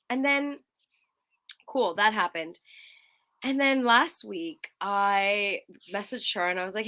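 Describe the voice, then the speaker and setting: A young woman co-hosting a casual chat, telling a personal story in an animated way and acting out quotes in a higher voice. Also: moderate pace. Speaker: co-host.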